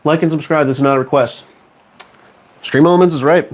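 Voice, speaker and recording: A man's voice: a little high, brisk, background noise. A man streaming from his home studio, bantering with chat in a sarcastic, mock-outraged and self-mocking way. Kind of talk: casual live-stream chat.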